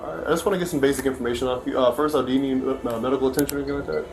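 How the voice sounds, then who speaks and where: A male police officer calmly asking a woman what happened, with short steady prompts. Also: mid-range voice, very fast, gravelly. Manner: brief, steady, fills in with short replies. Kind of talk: calm questioning of a witness. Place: inside a house, indoors. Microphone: bodycam. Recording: distant bodycam audio, faint music.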